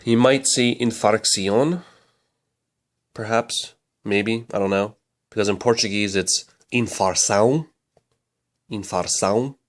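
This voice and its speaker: Casting: low-voiced man, relaxed rambling reviewer, talks things through out loud. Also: measured pace, pauses often. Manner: chatty, rambling, self-correcting. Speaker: book reviewer. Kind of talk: casual book review to camera.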